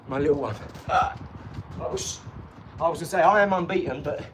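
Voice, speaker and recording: A man in his forties talks on a live stream, drifting from one topic to the next and bragging cheerfully, with a laugh at his own expense. His voice sits a little high. A faint background hum runs under the whole recording. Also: brisk. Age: 40s. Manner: chatty, boastful, drifts between topics, laughs at himself. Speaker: channel host. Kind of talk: rambling live-stream chat with boxing tips.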